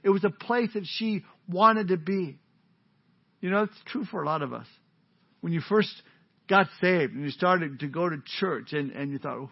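A pastor preaching a sermon in a casual, joking, conversational way, on a dull lo-fi recording. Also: male voice, fairly high pitch, normal speed, gravelly, breathy edge. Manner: conversational, joking, warm-hearted.

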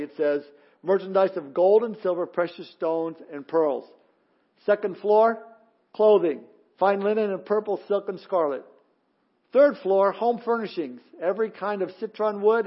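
Emphatic male preacher with a high voice, on a dull lo-fi recording. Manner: emphatic, reads scripture aloud with rising exclamations. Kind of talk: sermon.

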